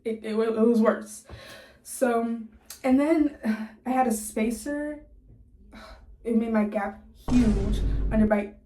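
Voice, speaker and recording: A woman's voice: fairly high pitch, slow, dark tone, recorded from a distance. A nineteen-year-old woman telling a story casually to her viewers, chatty and laughing often, with a sore jaw from recent surgery. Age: young adult, 19. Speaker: vlogger. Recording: echoey room.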